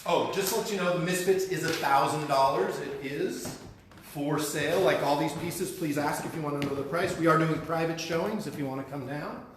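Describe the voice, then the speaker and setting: A man's voice: fairly high pitch, moderate pace. A man casually giving a live-stream gallery tour, chatty and enthusiastic about the art. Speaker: gallery host. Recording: echoey room with faint noise.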